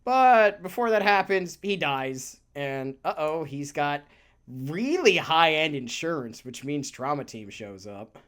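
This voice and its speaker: A podcast co-host in casual chat, talking in a rambling, animated way, swearing casually and laughing often. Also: medium pitch, slow pace.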